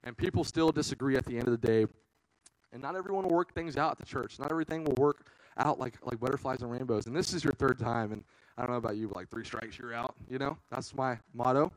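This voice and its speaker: A man's voice: medium pitch, quick pace, no room sound, low-quality recording. A young man preaching a casual, earnest youth sermon, peppering his talk with "man".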